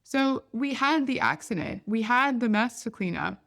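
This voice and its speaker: A woman's voice: a little high, lively intonation, moderate pace, a bit bright. A woman in her thirties hosting a podcast, telling a candid, down-to-earth story in a casual, chatty way. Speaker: podcast host. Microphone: podcast microphone.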